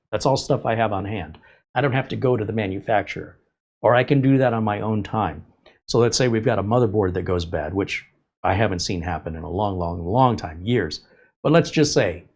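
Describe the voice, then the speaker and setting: A man's voice: lowish voice, a little mellow, breathy edge. A man hosting a tech livestream, talking in a candid, emphatic, rambling way about his own mistakes. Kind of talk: casual livestream talk.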